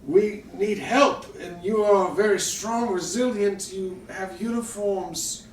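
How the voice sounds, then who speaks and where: A man voicing a frightened elderly French refugee who begs for help, pitched up and strained. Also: slow pace, a little hiss or hum. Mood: pleading. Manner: pleading, high and strained. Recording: echoey room, mic far off.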